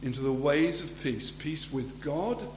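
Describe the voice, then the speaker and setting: In a church hall, a man preaches a sermon and closes with a prayer, earnest and conversational, often restarting his phrases. His voice is a little high with lively intonation and a measured pace. The hall is echoey, with a faint hum.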